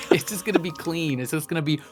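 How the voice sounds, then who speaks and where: A man who is a voice actor guest, chatting excitedly and playfully, with laughter throughout. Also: on the high side. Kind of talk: casual interview chat.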